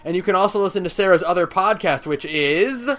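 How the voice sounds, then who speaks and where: A man co-hosting a gaming podcast in relaxed casual chat, with lots of fillers and casual swearing. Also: high voice, fairly quick. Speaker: podcast co-host. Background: faint background music.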